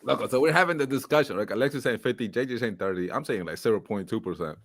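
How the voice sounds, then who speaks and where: A man with a middle pitch tells a story loosely and profanely, jumping into other people's voices as he goes. The sound is dry and close, with almost no room in it. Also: fast talker, no echo. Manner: animated storyteller, heavy swearing, acts out voices. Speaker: podcast co-host. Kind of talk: casual storytelling chat.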